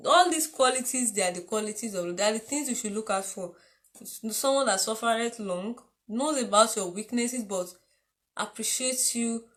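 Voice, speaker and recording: A woman giving a casual Bible teaching, telling stories and often asking "You understand?". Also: medium pitch. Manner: chatty, laughs often, asks "You understand?".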